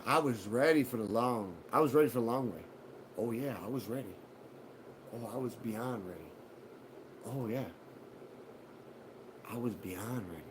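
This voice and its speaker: A man hosting a live show, telling a personal story in a profane, animated way and acting out what others said. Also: mid-range voice, moderate pace, long pauses, noisy background. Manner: profane, animated retelling with acted quotes. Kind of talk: casual storytelling.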